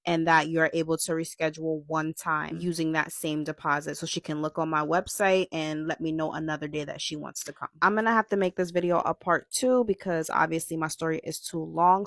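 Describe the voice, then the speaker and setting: A woman's voice: deep voice, steady tone, brisk, few pauses, dry recording, studio quality. A woman recounting a client story in a matter-of-fact storytime manner. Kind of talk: casual storytime.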